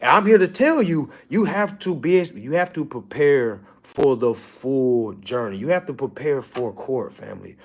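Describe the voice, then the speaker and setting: A man's voice: medium pitch, moderate pace, few pauses. A man coaching his clients in a blunt, preachy talk, teasing them and asking "All right?" again and again. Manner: animated, mocking and laughing at his audience. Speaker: business coach addressing clients.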